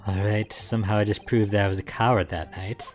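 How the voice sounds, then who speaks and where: A man's voice: fairly low pitch, level tone, fast, music in the background. A man chatting casually, joking and teasing his friends. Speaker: co-player. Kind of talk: casual chat while voice-acting a game.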